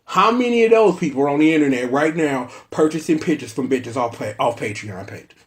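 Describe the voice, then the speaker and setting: A man's voice: fairly high pitch, expressive, fairly quick. A man hosting a casual, brash and slangy episode review, riffing at length. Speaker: show reviewer host.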